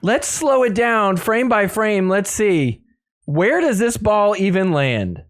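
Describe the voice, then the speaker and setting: A man hosting a sports podcast, recapping games in a casual, excitable way and laughing at the calls. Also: sits high, takes it slowly, faint music behind. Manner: excitable, laughing, mock-quoting players. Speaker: podcast host.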